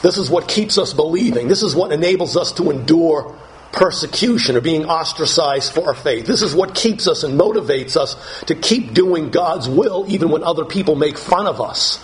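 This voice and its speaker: A man with a slightly high voice preaches a sermon, reading verses slowly and then explaining them with emphatic repetition. A faint hiss runs underneath the recording. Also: expressive. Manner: slow, emphatic scripture reading, rising to higher pitch when dramatizing.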